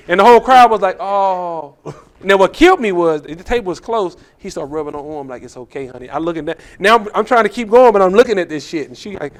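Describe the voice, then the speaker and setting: A man, a comedian guest, telling profane, animated stories about comedy shows on a podcast. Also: high-pitched. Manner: profane, animated storytelling with acted quotes. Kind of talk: casual storytelling on a podcast.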